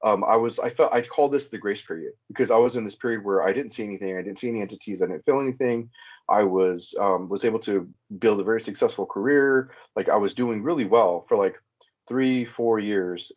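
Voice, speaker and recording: A middle-aged man giving a hesitant, halting personal testimony as a caller on a podcast. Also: lowish voice. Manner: hesitant, halting, many restarts and fillers. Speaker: returning caller. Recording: muffled lo-fi sound.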